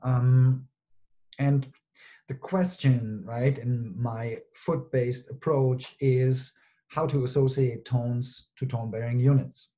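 A man presenting an academic conference talk, explaining step by step with pauses and frequent checks like "right?". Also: medium pitch, steady tone, warm tone. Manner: hesitant, with frequent pauses and fillers.

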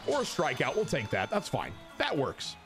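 A young man hosting a gaming channel, giving excited commentary on his baseball video game and cheering and shouting at the plays. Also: on the high side, normal speed, over music. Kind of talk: excited live gameplay commentary.

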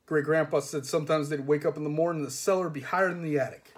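A man's voice: on the high side, steady tone, rapid-fire, lightly acted. A man voicing a resentful working-class cart driver who mutters and grumbles in common speech. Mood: grumbling.

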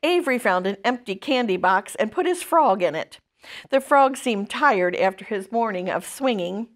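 A woman storyteller reading a children's book aloud in an expressive, lively way. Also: medium pitch, moderate pace.

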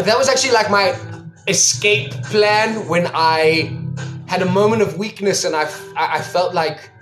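A South African man with an Afrikaans-speaking accent, hosting a casual live stream and chatting warmly with viewers, mixing English and Afrikaans. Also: high-pitched, echoey room. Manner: switches between English and Afrikaans, upbeat and affectionate with viewers. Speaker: livestream host.

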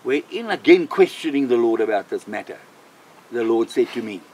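An older man, a missionary, telling a personal faith testimony in an animated way, repeating phrases for emphasis. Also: medium pitch, normal speed, slightly rough, rough recording. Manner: animated, vivid storyteller who repeats himself for emphasis.

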